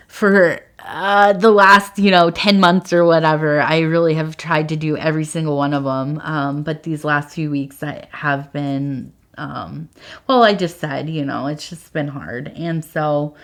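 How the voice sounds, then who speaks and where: A woman's voice: sits low, a bit bright, clean tone. A woman reading tea leaves for her viewers, rambling and hesitant, earnest and affectionate, close to tears. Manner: rambling and hesitant, many fillers. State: emotional, on the verge of tears. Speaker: tea leaf reader. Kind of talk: casual spoken sign-off to viewers.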